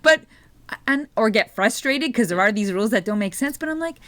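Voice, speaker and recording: A woman's voice: a little high, brisk, no echo. A woman from Italy co-hosting a knitting podcast, chatting casually and acting out the people in her stories. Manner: animated storytelling, acts out quotes. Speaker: podcast co-host. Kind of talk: casual chat.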